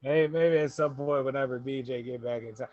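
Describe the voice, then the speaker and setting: A young adult man hosting a podcast, telling stories in an animated way, laughing often and quoting people. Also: medium pitch, fairly quick, no echo, highs cut off. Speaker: podcast host. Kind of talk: casual podcast storytelling.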